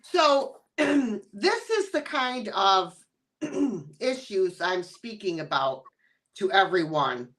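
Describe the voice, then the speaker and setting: A woman hosting a casual live-stream chat, relaxed and chatty, laughing easily as she talks with friends. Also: mid-range voice, slow. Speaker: channel host.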